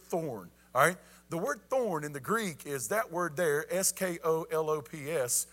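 A man's voice: fairly high pitch, a bit bright. A man preaching a folksy evening sermon, often asking "you ready?" and saying "y'all".

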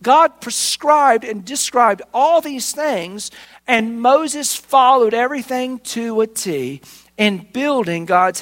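A pastor preaching a sermon, retelling scripture with acted dialogue and emphatic repetition. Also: male voice, high voice, fairly bright tone.

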